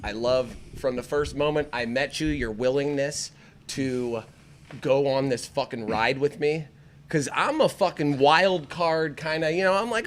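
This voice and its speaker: A Midwestern American man co-hosts a laid-back podcast, swearing a lot and laughing often. His voice is a little high and unhurried, with slight background noise. He comes across as excitable and profane in this casual chat.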